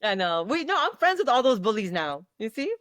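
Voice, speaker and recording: A woman comedian from Canada telling stories on a podcast, animated, laughing often and acting out quoted lines. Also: a little high, a little fast, dry recording, studio quality. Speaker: guest comedian. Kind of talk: casual podcast storytelling.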